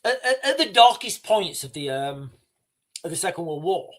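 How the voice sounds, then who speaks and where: A man streams live and comments with raw passion. His voice sits high for a man. He stumbles, restarts and swears bluntly as he talks. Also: big pitch swings, a bit bright. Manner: impassioned, halting, with restarts and swearing. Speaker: livestream host.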